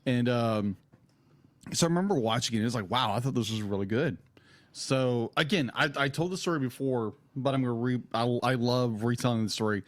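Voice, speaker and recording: A young man co-hosting a film podcast in easy casual chat. He rambles through his stories, repeats phrases and laughs often. His voice sits at an ordinary middle pitch for a man. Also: a little fast. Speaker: podcast co-host.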